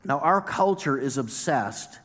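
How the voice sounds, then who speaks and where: A man's voice: medium pitch, lively intonation, a little slow, a bit bright, long reverb tail. A male pastor preaching a sermon in a conversational way, driving points home with emphatic repetition.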